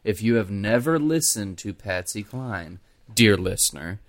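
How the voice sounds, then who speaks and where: A man's voice: lowish voice, a little slow. A man with a Kentucky accent, co-hosting a casual podcast chat and telling stories with lots of fillers and swearing. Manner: animated storytelling with frequent fillers and profanity. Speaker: podcast co-host.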